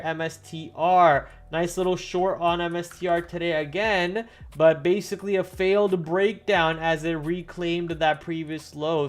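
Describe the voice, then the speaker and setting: A man's voice: on the high side, clean tone. A man hosting a stock-trading livestream, talking casually and thinking aloud, with many fillers and restarts. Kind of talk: casual market commentary.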